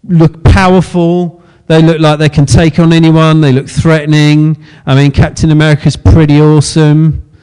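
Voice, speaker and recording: A man's voice: fairly high pitch, flat delivery, normal speed, hardly any pauses, mellow, clean tone. A man preaching a sermon in a chatty, self-deprecating way, laughing often at his own slips.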